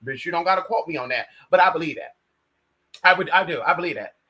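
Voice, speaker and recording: An American woman vlogging in casual chat, brash and profane, swinging between loud outbursts and low asides. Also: lively intonation, fast, slightly rough. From United States. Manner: brash, profane, addresses viewers as girl and bitch.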